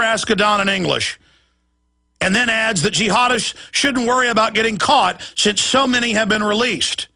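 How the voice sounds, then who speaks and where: A man in an agitated rant delivered as a radio talk show host. His voice is raspy and gravelly, sitting high with a bright, sharp edge. He keeps shouting and stumbling over repeated words. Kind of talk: ranting monologue.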